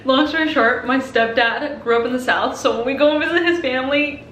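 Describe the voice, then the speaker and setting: A young woman chatting gushingly about books on her vlog, quick to laugh and sigh. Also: high-pitched. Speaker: book vlogger. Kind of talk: casual vlog chat. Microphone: compact camera. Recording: echoey room with faint noise.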